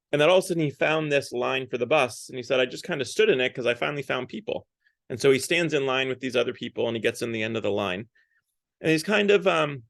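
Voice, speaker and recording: A man's voice: medium pitch, gravelly, dry recording, clean studio sound. A man giving a casual Lent talk at a parish. He retells a story in a loose, conversational way, with plenty of fillers. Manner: conversational, loose, with many fillers and hedging words. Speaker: parish speaker.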